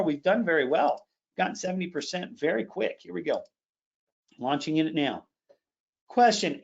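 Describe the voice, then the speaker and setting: Animated middle-aged man coaching public speaking. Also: highs cut off. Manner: energetic, demonstrates phrases with sudden shifts in pitch and pace. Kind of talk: live online training session.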